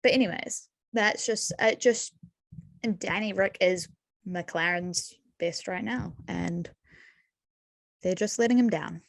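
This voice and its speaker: A woman's voice: medium pitch, slow pace, gravelly, no room sound. An Australian woman in loose podcast chat, rambling happily from one opinion to the next. Her voice sits in the middle range for a woman. The sound is dry and close, with no room around it. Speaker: podcast co-host. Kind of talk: casual chat.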